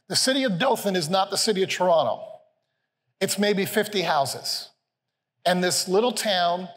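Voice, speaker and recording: A man, a senior pastor, delivering a sermon in an earnest, conversational way, repeating key phrases to drive them home. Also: high voice. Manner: earnest, conversational preaching with repetition. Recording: long reverb of a large hall.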